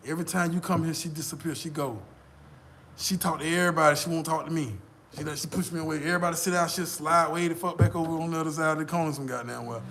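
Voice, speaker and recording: A man's voice: a little high, quick pace, a little hiss or hum. Boastful American man telling a story. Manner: boastful, profane, animated. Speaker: vlogger. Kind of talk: casual storytelling to camera.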